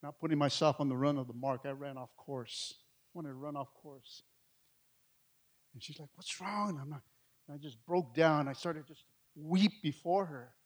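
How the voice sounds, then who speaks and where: A middle-aged male pastor, telling a story in a sermon, swinging between hushed and loud. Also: a little high, fairly even intonation, moderate pace.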